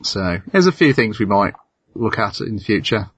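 A man's voice: lowish voice, sing-song, moderate pace, fairly bright tone, breathy edge, no echo. A man hosting a podcast in casual chat, talking steadily about the show. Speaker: podcast host.

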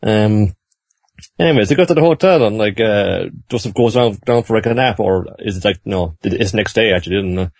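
A man's voice: on the low side, fairly quick, dry recording. Rambling man recapping a story. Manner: rambling, animated, with frequent fillers and restarts.

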